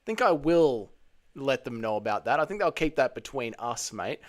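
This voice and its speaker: A man's voice: medium pitch, sing-song, moderate pace. Profane man reading stream chat. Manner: crude, profane banter, calls people mate. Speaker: livestream host reading chat. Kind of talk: casual livestream chat.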